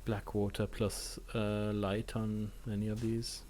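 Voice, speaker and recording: A man's voice: fairly low pitch, completely flat delivery, slow pace, dark tone, a little hiss or hum. A man hosting a gaming video, giving casual gameplay commentary, chatty and self-mocking as he thinks aloud.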